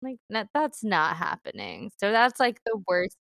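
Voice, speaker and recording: A woman's voice: medium pitch, huge pitch swings, a little slow, vocal fry, fairly bright tone, no echo, studio quality. A young woman telling a bad-date story in casual chat, filler-heavy and laughing often. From Philippines. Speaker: guest telling a dating story.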